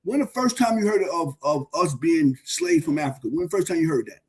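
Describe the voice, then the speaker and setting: A man's voice: on the high side, expressive, brisk, darkish tone, husky. A man in his fifties, pressing a guest with insistent, repeated questions in a debate. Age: 50s. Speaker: panelist.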